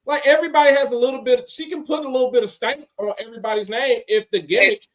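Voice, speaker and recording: A man co-hosting a casual wrestling podcast, talking in an animated, rambling way and restarting his sentences. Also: very high-pitched, quick pace. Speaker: podcast co-host.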